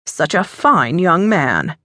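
A woman's voice: fairly low pitch, big pitch swings, slow, fairly bright tone, no echo, heavily acted. A woman voicing a genial, welcoming wealthy middle-aged father in an audiobook. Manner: hearty, welcoming.

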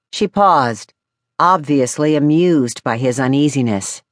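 A woman narrating an audiobook with measured, expressive storytelling. Her pitch moves in a lively way, and the close studio sound is very dry. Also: dry recording. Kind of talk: scripted narration.

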